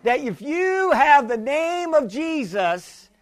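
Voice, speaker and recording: A man's voice: very high-pitched, very animated, slow. A male pastor preaching a sermon, emphatic and repetitive, often calling out for an amen.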